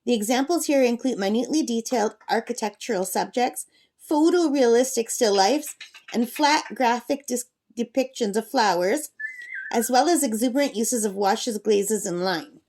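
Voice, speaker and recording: A woman's voice: a little high, moderate pace, darkish tone. A woman hosting her own craft channel, chatting enthusiastically through an art book review and talking to her pet parrot. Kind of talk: casual book review vlog. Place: at a campsite.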